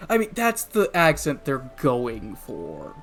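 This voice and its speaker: A man's voice: mid-range voice, wildly swooping pitch, takes it slowly, vocal fry, a bit bright. A man streaming a game, chatting casually and often breaking into chuckles. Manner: chuckling, self-interrupting. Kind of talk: casual gameplay commentary.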